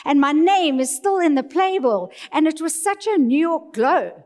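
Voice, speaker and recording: A middle-aged woman with a South African accent, telling a personal story to a live audience in an animated, playful way. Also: high-pitched, moderate pace. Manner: animated, playful, quotes people in put-on voices. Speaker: speaker. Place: large hall. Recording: long reverb of a large hall.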